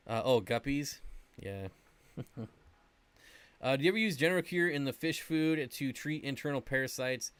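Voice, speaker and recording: A man's voice: mid-range voice, no echo. Casual chatty man on a livestream. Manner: rambling, chatty, reading and answering chat. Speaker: aquarium channel host.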